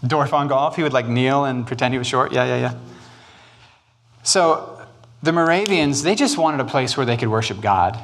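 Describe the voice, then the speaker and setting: A man, preaching a sermon on church history in an animated, joking way. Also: mid-range voice. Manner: animated, joking, quick asides and put-on quotes. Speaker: pastor.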